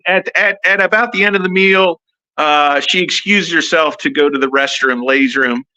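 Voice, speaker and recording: A middle-aged man, a podcast guest, telling a story in a lively, animated way and acting out the voices of people he quotes. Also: fairly high pitch, moderate pace, low-quality recording. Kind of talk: casual storytelling.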